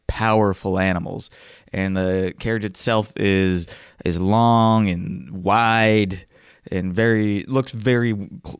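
A man game master narrating a tabletop game in a slow, descriptive way with pauses. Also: fairly low pitch, smooth, no echo, studio quality.

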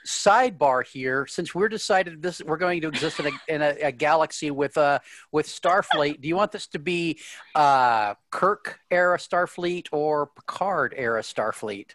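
A man's voice: a little high, a little slow, fairly bright tone, no echo. A man running a tabletop role-play as game master, hesitant with many fillers.

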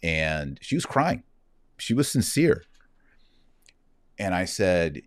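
A middle-aged man with a very deep voice tells a story in an earnest, conversational way, acting out the dialogue. The recording is dry and close, with no room sound. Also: slow, pauses often, dry recording. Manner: earnest, animated retelling with quoted dialogue. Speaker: speaker telling a story and answering a question. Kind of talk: casual storytelling and preaching.

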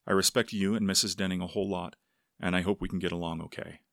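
A man's voice: sits low, fairly even intonation, fast talker, vocal fry, a bit bright, no room sound, studio quality. A man voicing an anxious, polite young ranch hand. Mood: earnest, uneasy. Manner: polite, says "sir" to elders.

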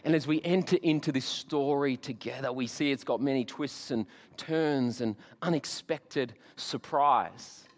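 A man's voice: mid-range voice, a little slow. An Australian man preaching an Easter sermon in a church, telling stories with jokey asides and lots of animation. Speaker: pastor. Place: church hall. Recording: long hall reverb.

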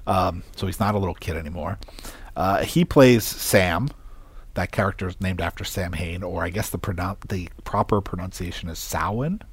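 A man co-hosting a casual chat, relaxed and full of fillers, often trailing off. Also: low-pitched, moderate pace, breathy edge, dry recording. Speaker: podcast co-host. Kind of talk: casual chat about horror films.

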